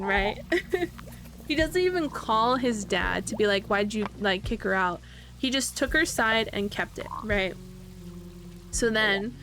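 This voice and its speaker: A woman's voice: fairly high pitch, fairly bright tone, slight background noise. A woman host casually narrating a game storyline in a chatty way, with lots of fillers and tag questions. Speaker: channel host.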